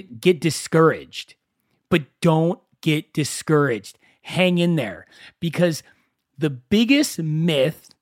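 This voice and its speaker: A man hosting a solo podcast, talking in a conversational, animated storytelling way with self-mocking asides. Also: a little high, no echo, clean studio sound. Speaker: podcast host.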